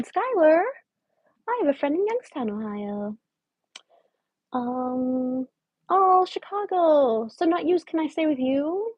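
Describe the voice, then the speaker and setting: A woman's voice: high voice, no room sound, highs cut off, pitched above the performer's own voice, heavily acted. A woman playing a scheming homeless woman in her late twenties who wheedles her live chat for a place to stay, shifting into sudden whispers. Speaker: comedic livestream host. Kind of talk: improvised parody livestream.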